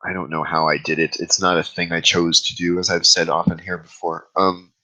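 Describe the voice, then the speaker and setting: A man's voice: low voice, level tone, fairly quick, sharp tone, rough recording. A man hosting his own vlog, talking candidly and at length about his fears into his own camera. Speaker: vlog host. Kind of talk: confessional vlog monologue. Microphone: own camera mic, self-recorded.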